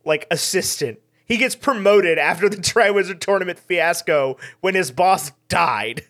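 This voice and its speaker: A man from the American South, chatting casually as a podcast guest in an animated way, swearing and laughing a lot. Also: high voice, unhurried.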